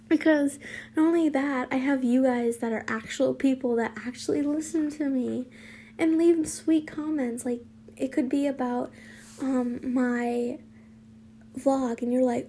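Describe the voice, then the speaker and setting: A woman's voice: high-pitched, steady tone, measured pace, warm tone, a little hiss or hum. A young woman reading her fanfiction aloud, breaking off into rambling, giggly, self-deprecating chat and whispered asides. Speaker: fanfiction reader and vlogger. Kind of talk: casual story reading with chatty asides.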